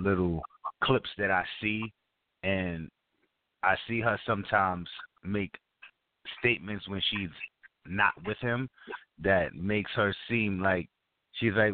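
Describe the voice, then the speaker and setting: A man's voice: fairly low pitch, no echo. A man co-hosting a casual podcast chat, rambling, profane and dismissive. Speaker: co-host. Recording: dry, tinny phone-like sound.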